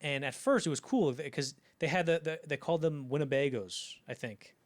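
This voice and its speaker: A man hosting a podcast, retelling behind-the-scenes stories in casual chat, swearing freely and animated. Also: on the high side. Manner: animated retelling, swearing, slips into quick character voices. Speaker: podcast host.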